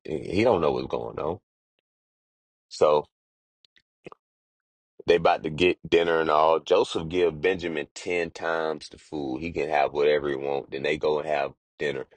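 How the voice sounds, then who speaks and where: Real deep-voiced dude retelling a bible story like street gossip, aave slang, dry close sound. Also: male voice, dry recording. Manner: slangy, quick, acts out characters in everyday street talk.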